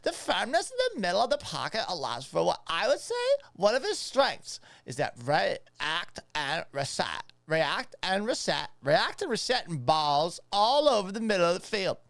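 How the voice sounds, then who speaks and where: A man voicing an excitable male football pundit in a jokey put-on Boston accent, brash and emphatic. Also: high voice, normal speed, gravelly, no room sound, exaggerated voice. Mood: hyped.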